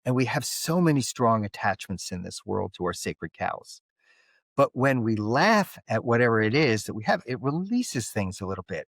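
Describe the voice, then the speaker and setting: A man with a Philadelphia and South Jersey accent and a slightly high, nasal voice, telling stories as a guest in an interview. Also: moderate pace, creaky, no echo. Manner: animated storyteller who acts out the other people in his stories. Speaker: guest, conflict mediator. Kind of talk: storytelling interview talk.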